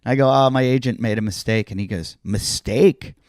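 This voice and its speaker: A man's voice: mid-range voice, fast, a little mellow, smooth, dry recording, studio quality. A middle-aged man, a comedian hosting a podcast, telling a story in casual chat and acting out the other people's lines. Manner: swears casually.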